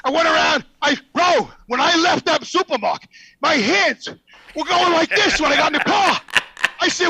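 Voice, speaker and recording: Older New guy, podcast regular; loud, animated, sharp-toned storyteller who swears constantly. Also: very high voice, normal speed, a little hiss or hum, poor audio. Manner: loud, animated, swearing, acts out other people. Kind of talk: profane storytelling.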